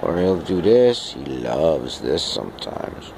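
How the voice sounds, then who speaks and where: A man's voice: a bass voice, big pitch swings, slow pace, gravelly, noisy background. A man on an outdoor terrace in the rain, filming on a handheld camera and coaxing his cat in sing-song baby talk. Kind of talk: casual home video talking to his cat.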